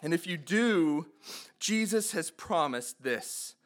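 Delivering a sermon, this man reads scripture aloud and asks his audience earnest rhetorical questions, his fervor rising whenever he voices a quoted cry. His voice sits on the high side, is expressive and a little bright, and he takes his time.

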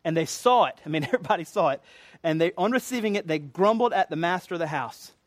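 A man's voice: a little high, animated, quick pace, dry recording, clean studio sound. A man preaching a casual, conversational sermon, acting out the voices of people in a parable with jokey asides. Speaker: pastor.

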